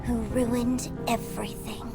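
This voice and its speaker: A woman's voice: a little high, level tone, a little slow, gravelly. A woman voicing a haughty, scheming female cat villain in a video game, sneering and gloating theatrically. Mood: scornful. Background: game music.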